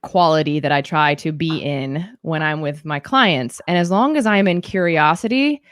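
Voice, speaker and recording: Woman coach, relaxed podcast talk, thoughtful, low pitch, dry close sound. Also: normal speed, dry recording. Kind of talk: casual podcast conversation.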